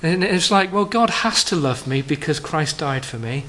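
Man preaching an animated sermon. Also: normal speed, rough recording. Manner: animated, rising pitch on emphasis, drops low and soft on key lines.

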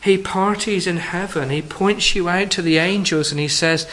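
A man preaching a sermon to a congregation, addressing them as friends, rising for emphasis and dropping soft and low on key phrases. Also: normal speed, hardly any pauses, low-quality recording.

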